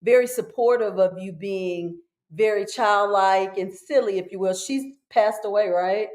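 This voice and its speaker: A woman hosting a casual spiritual conversation, earnest and affirming, speeding up when she gets excited. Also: mid-range voice, unhurried. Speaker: host.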